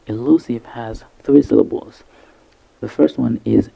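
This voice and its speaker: A man teaching English vocabulary, breaking each word into syllables slowly and carefully. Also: mid-range voice, creaky, breathy edge, lo-fi sound. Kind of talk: vocabulary lesson narration.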